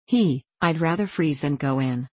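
A woman reading a crisp, haughty young woman. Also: sits low, measured pace, a little mellow, no echo. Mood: cold. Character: proud, stubborn young woman rider.

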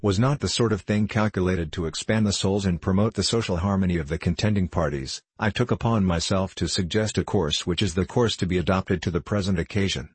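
A man reading an audiobook, voicing a florid young gentleman who speaks in a grand, theatrical way. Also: sits low, fairly quick, hardly any pauses, slightly rough, no echo. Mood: pompous.

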